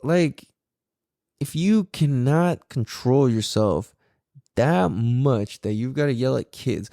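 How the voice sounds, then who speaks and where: A man's voice: mid-range voice, expressive, slow pace, creaky, mellow, dry recording, clean studio sound. A man in his forties, hosting a podcast, telling a story in a casual, profane way and laughing often. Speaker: podcast host.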